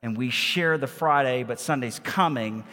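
A man preaching a sermon as pastor, firing rhetorical questions at the congregation and swinging between hushed and loud delivery. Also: mid-range voice, moderate pace, big-room sound.

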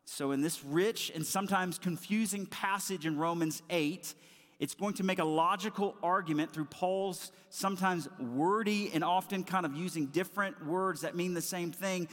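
Pastor guy with a high voice, chatty sermon, lots of "like", long hall reverb. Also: normal speed. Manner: storytelling, animated, conversational with fillers.

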